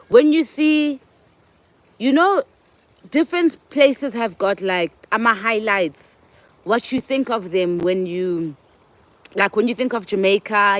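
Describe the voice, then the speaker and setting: A South African woman with a medium-pitched voice hosts a show in a casual monologue, telling animated stories, often imitating other people's voices and mixing in local words. The recording is rough.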